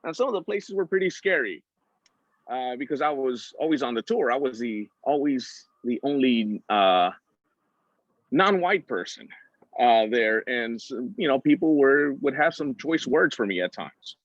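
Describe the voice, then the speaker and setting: As a guest speaker, a middle-aged man who works as an entertainment director shares personal stories, talking a little slowly. He's animated, keeps restarting and saying "uh," and voices other people's lines with large leaps in pitch. The recording is dry, dull, and slightly muffled.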